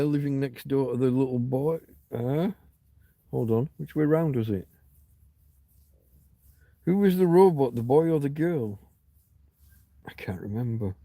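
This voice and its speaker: A middle-aged man with a mellow, mid-range voice hosts a casual livestream from home on his phone, with no echo in the recording. His rambling chat meanders into reminiscing, and he often trails off and restarts his thoughts.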